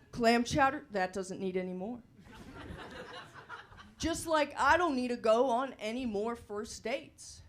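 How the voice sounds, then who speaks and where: A woman tells stand-up stories into a handheld mic on a comedy club stage. She speaks very slowly, in a deadpan way. Her voice sits a little high.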